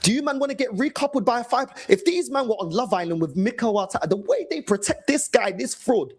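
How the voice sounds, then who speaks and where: A man's voice: very high voice, lively intonation, fast talker, breathy edge, rough recording. A man in his thirties with a London accent, ranting and swearing as host of a fan call-in show, mocking other fans. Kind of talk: angry fan rant.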